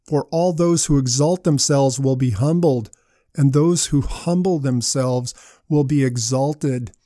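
A man's voice: mid-range voice, warm tone, no echo, studio quality. A man preaching a sermon in a conversational way, asking his listeners questions as he retells parables.

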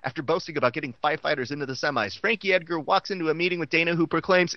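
A man's voice: a little high, fairly even intonation, very fast, bright, forceful tone, no room sound, highs cut off. A man hosting a podcast, giving a sarcastic, profane comedic recap of a TV episode. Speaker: podcast host recapping a show.

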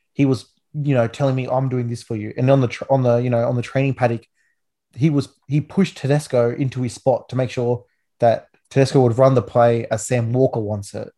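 A man's voice: mid-range voice, dark tone. A man in his twenties with an Australian accent, hosting a casual rugby league chat with enthusiastic, rambling talk full of restarts. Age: 20s. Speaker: podcast host.

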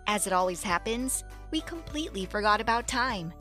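A young woman narrating a first-person story in a lively, expressive way. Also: mid-range voice, fairly quick, faint music behind.

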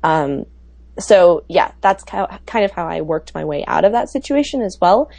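A woman's voice: fairly low pitch, expressive, normal speed, gravelly, darkish tone, no room sound. A woman telling travel stories in a chatty podcast conversation, with lots of fillers. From United States. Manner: chatty storyteller, many fillers. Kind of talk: casual podcast chat.

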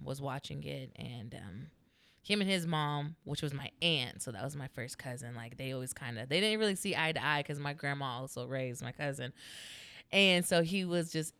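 A speaker in casual chat, telling an animated, joking story and laughing often. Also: medium pitch, creaky, clean tone, dry recording. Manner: animated, laughs a lot, quick jokes.

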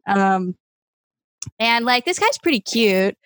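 A woman's voice: mid-range voice, unhurried, dry recording. A woman from the American Midwest telling a comic story as a podcast guest, chatty with lots of ums and likes. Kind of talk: comedic storytelling.

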